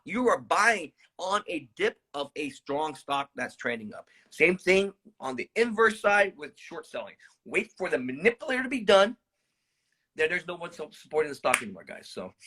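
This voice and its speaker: A man's voice: fairly high pitch, big pitch swings, normal speed, bright, forceful tone, slightly rough. A man hosting a live stream about trading stocks, talking loosely to viewers, rambling, swearing and calling them "guys".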